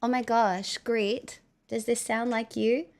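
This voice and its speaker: Aussie girl streaming, slow easy chat, clear smooth voice, still getting over being sick. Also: fairly high pitch, fairly even intonation, a little mellow. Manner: chatty, thanking viewers, wry asides. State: recovering from illness, coughing. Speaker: livestreamer. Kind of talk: casual livestream chat.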